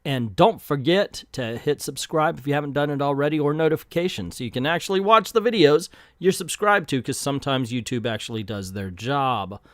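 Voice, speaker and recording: A man's voice: on the high side, a little fast, few pauses, fairly bright tone, no echo, clean studio sound. A man reviewing a comic book in a casual, sarcastic and exasperated commentary vlog.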